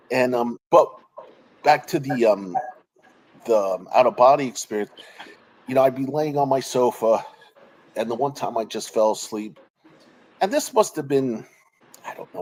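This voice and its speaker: A man's voice: mid-range voice, darkish tone, slight background noise, poor audio. A man in his forties, a guest speaking over a remote call, talking earnestly and openly emotional, with many restarts and trailing phrases. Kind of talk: personal interview over a call. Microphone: remote call connection.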